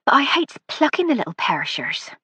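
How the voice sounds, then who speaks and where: Woman reading as chatty working-class cook, raised pitch, soft husky tone. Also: big pitch swings, brisk, no echo, exaggerated voice. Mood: cheerful. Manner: homely, blunt.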